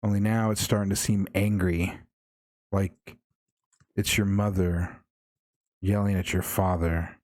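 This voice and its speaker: A man narrating as game master of a horror tabletop game, slow and measured, with repeated refrains. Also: low voice, flat delivery, a little mellow, no echo.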